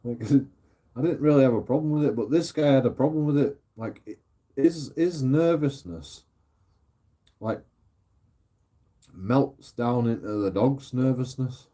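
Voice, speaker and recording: A man's voice: mid-range voice, animated, unhurried, long pauses, dark tone. A middle-aged man, chatting casually as a streamer, rambling, repeating himself and swearing often.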